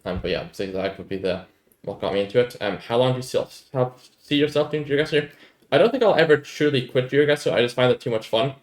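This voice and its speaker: A man's voice: medium pitch, lively intonation, fairly quick. Laid-back young guy, echoey room. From Ireland. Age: young adult. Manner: rambling, laid-back, easily amused. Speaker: YouTuber answering viewer questions. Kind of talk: casual Q&A chat.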